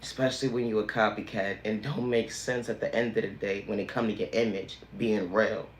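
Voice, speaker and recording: A man's voice: fairly low pitch, steady tone, brisk, reverberant, a little hiss or hum. Preachy man with emphatic refrains. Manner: repetitive, emphatic, sermon-like refrains. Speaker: livestream host. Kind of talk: preachy motivational monologue.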